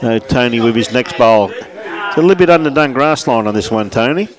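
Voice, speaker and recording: Indoors at a club, a man with an Australian accent calls a lawn bowls game live in a relaxed way, greeting viewers by name as play unfolds. His mid-range voice moves briskly, and crowd noise can be heard.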